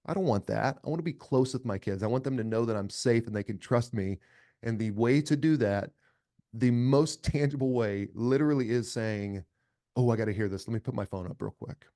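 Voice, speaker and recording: A man's voice: medium pitch, brisk, dark tone. A middle-aged man speaking as a podcast guest, earnest and emphatic, often restarting his words. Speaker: podcast guest, company cofounder. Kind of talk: casual conversational interview.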